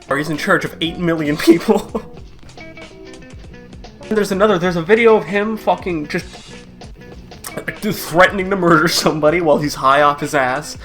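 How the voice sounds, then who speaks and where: Profane, fast-laughing male comic ranting. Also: high voice, faint music behind. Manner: profane, laughing, swings into loud mock quotes. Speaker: comedy commentary host. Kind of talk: crude casual comedic rant.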